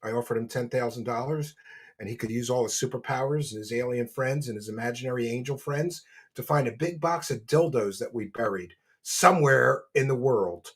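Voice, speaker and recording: A man's voice: medium pitch, a little fast, slightly rough. A man hosting a livestream, mocking and crude, chatting as he eats. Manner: mocking, crude, talks while eating. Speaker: streamer host. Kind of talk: casual livestream commentary.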